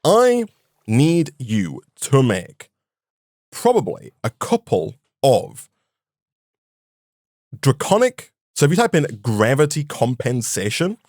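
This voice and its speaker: A young man chats through a modded game with his co-host. He lays out what to craft next and gives instructions, then slips into dry joking. His pitch rises and falls a lot, and the sound is dry and close. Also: huge pitch swings, takes it slowly, long pauses, a little mellow, no room sound. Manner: explains plans and hands out tasks, dry banter. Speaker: gaming channel co-host. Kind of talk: casual gameplay chat.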